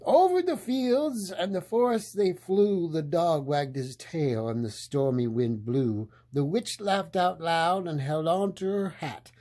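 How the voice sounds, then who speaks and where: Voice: medium pitch, expressive, slow pace, hardly any pauses, warm tone. A storyteller reading a picture book aloud in a playful way, often laughing along with the story.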